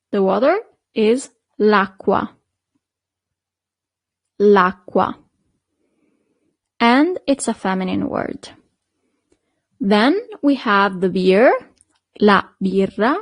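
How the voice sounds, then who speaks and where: A patient woman teacher with an Italian accent, her voice pitched a little high. She keeps checking on the learner as she goes. The sound is dry and close. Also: a little mellow, no echo. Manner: patient, checks in with frequent "okay?" and "perfect". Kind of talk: online language lesson.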